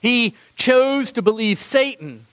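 A male pastor delivering a sermon in an animated way, swinging between emphatic peaks and soft, quiet drops, on a dull lo-fi recording. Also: very high voice, takes it slowly, clean tone, no echo.

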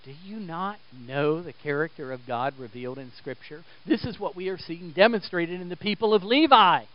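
A man preaching a sermon, swinging between loud, emphatic exhortation and quiet, intense stretches. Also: a little high, moderate pace, dull audio. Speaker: pastor.

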